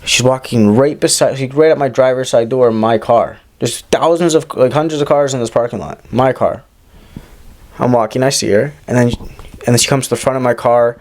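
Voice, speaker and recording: Podcast co-host, man in his twenties, animated chatty storyteller. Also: medium pitch, brisk. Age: 20s. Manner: animated, acts out quoted voices, many fillers. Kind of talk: casual storytelling chat.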